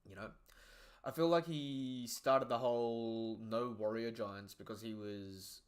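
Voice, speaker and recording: A young man giving casual live reaction commentary, excitable and slangy, swearing freely and trailing off into low asides. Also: unhurried.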